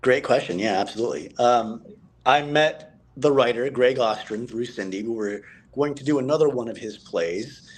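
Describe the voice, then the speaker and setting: A man's voice: mid-range voice, normal speed, breathy edge, rough recording. A man, a stage actor chatting as a guest on a live stream over his phone, telling stories and laughing easily. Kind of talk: casual interview on a live stream.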